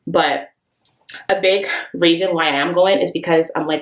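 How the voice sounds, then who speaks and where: A woman's voice: lowish voice, brisk, no room sound. Chatty young woman vlogging. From Canada. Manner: chatty and expressive, dramatic complaining. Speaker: fitness vlogger. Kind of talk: casual vlog chat.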